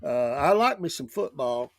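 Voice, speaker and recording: A man's voice: mid-range voice, sing-song, unhurried, creaky, no echo, studio quality. A middle-aged man with a Southern US accent, hosting a live show and telling long rambling stories with many restarts. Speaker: show host. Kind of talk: casual storytelling talk.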